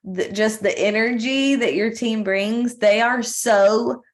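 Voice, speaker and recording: A woman hosts a company video call and warmly praises the last speaker. Her voice is a little high, and her manner is effusive and encouraging. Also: slow pace.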